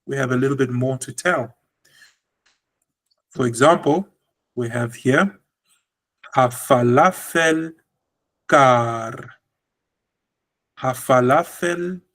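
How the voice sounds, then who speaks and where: A man's voice: mid-range voice, steady tone, normal speed, pauses often, slightly rough, poor audio. A man teaching a language lesson, explaining patiently and drawing out example words.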